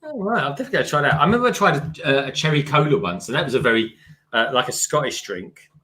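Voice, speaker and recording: A man's voice: on the high side, expressive, fast, pushed and bright. A man co-hosting a casual building livestream, chatty, stumbling over restarts and calling viewers folks. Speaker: co-host guest. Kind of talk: casual chat while building.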